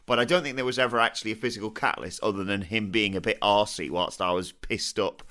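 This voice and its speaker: A man's voice: lowish voice, quick pace. A man, a player, telling jokey stories in casual podcast chat. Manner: animated, jokey storyteller.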